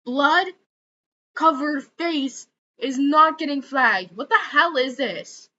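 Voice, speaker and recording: A young woman vents in a loose, rambling vlog, swearing freely and leaning on "like" between every thought. Her voice is bright and sharp, set a little high. The audio is slightly dull and lo-fi, with a faint hiss underneath. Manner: profane, exasperated, many fillers like "like". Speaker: vlogger. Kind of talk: casual ranting vlog.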